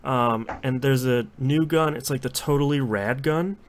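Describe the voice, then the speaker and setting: A man co-hosting a podcast in casual chat, explaining game tips in a lively way and laughing easily. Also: medium pitch, unhurried. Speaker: podcast co-host.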